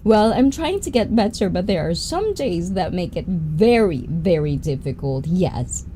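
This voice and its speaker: Slow, mellow-voiced woman. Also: lowish voice, very animated, a little hiss or hum, rough recording. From Japan and the Philippines. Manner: chatty, greets viewers by name, laughs often. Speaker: livestream host. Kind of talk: casual livestream chat. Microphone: sensitive desk mic.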